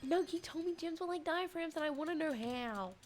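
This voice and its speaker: Animated young woman streamer. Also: sits high, fairly quick, background noise. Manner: animated storyteller, laughs while telling. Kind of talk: casual gaming chat.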